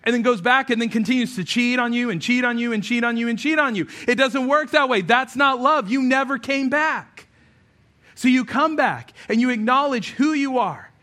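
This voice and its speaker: A male pastor delivers a sermon in a high, ringing voice. He swings from intense, rising appeals to loose, joking asides full of fillers. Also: normal speed, pushed and bright.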